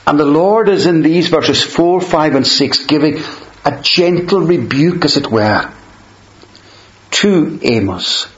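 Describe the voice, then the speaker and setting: Slow, measured man preaching a sermon. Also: on the high side, lively intonation. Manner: measured, emphatic, slows on quoted verses. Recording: dull lo-fi sound in a roomy space.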